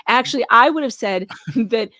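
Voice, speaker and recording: A woman's voice: fairly high pitch, normal speed, no room sound, studio quality. A woman co-hosting a casual legal talk show, reading a court motion aloud and laughing and teasing between passages. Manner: lively, laughs often, teasing. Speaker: podcast co-host.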